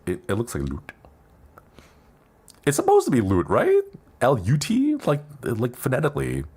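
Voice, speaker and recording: A man's voice: medium pitch, huge pitch swings, normal speed, darkish tone, breathy edge. A man streaming casually, rambling in a playful way and laughing often; English is not his first language. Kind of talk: casual live-stream chat.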